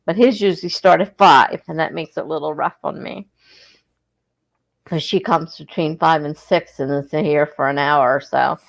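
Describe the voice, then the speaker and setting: Her voice sits low with vocal fry, a steady tone and a moderate pace, though the audio quality is poor. She's an East Coast American hosting a casual writing-sprint stream, drifting into rambling and self-correction as sleepiness sets in.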